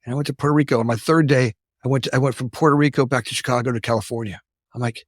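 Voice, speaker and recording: A man in his fifties from the United States, a company founder telling stories as an interview guest. He talks rapidly, tags his lines with "right?" and often restarts his sentences. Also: mid-range voice, steady tone, dry recording, studio quality. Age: 50s. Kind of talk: casual storytelling interview.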